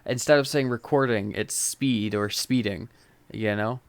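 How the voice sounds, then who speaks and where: A man's voice: lowish voice, measured pace, clean tone, no echo. A man co-hosting a podcast in casual chat, recapping scenes with wry asides. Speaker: podcast co-host.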